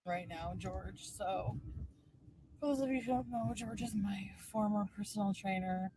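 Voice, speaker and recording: A woman's voice: medium pitch, a little slow, noisy background. A woman chatting casually in an eating vlog, giggly and talkative between bites. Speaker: vlogger. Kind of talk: mukbang vlog.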